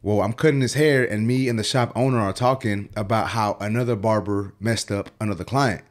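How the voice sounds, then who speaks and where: A man's voice: lowish voice, steady tone, fairly quick. A man who works as a barber, a guest on a podcast, telling stories in a loose, profane way with lots of "like". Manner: loose and profane, full of "like" fillers. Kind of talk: casual storytelling chat. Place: podcast studio.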